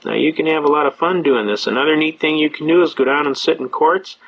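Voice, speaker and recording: A man's voice: on the high side, fast talker, a little hiss or hum. An older man giving a chatty, rambling lecture full of anecdotes and filler words. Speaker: speaker on citizens' rights. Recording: dull lo-fi recording.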